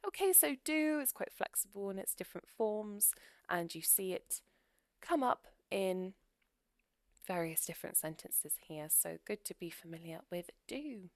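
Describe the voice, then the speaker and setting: Gravelly-voiced woman teaching grammar. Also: mid-range voice, unhurried, dry recording, studio quality. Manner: clear, steady explaining with example sentences. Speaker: English teacher. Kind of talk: recorded grammar lesson.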